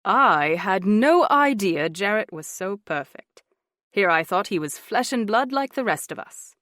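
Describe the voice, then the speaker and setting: A woman narrator voicing a teasing, deadpan man with an English accent. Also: mid-range voice, measured pace, no room sound, studio quality. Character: teasing dry-humored man.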